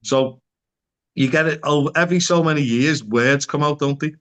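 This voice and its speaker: A man's voice: fairly high pitch, moderate pace. A man speaking as a psychotherapist guest in a casual podcast conversation, talking frankly and bluntly, swearing freely and using local slang.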